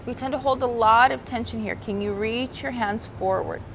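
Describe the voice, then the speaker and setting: A woman leads a guided yoga class with gentle, soothing cues, her voice sitting a little high. She talks outdoors by the sea, and faint background noise hangs under her words. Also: steady tone, moderate pace. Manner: slips into Spanish cues. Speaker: yoga instructor. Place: outdoors by the ocean.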